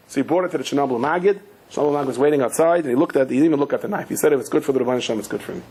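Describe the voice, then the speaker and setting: A man's voice: rapid-fire, breathy edge. A man, a rabbi giving a Torah class, telling stories with light humor and acting out quoted voices, mixing in Yiddish and Hebrew words. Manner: animated storyteller, acts out quoted voices with sudden high pitch.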